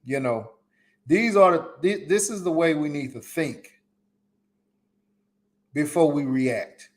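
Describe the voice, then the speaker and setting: Preachy emphatic man, fairly high voice. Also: slow. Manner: colloquial, casual slang. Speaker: podcast host. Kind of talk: solo live-stream commentary.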